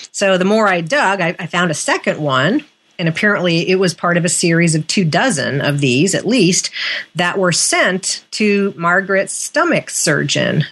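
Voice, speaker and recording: Woman, author, interview, lowish voice, thoughtful, restarts and fillers. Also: a bit bright. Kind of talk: conversational interview.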